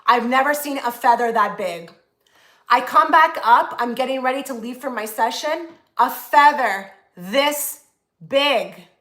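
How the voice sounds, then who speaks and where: Chatty bright-voiced woman on a live stream. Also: a little high, lively intonation, normal speed, reverberant. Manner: chatty, rambling, lots of "like" and restarts. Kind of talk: casual live-stream chat. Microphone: phone.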